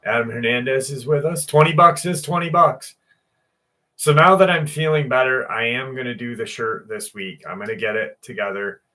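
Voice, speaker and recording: A man's voice: medium pitch, normal speed, pushed and bright. A man hosting a livestream in casual chat, rambling along with many fillers and restarts. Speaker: livestream host.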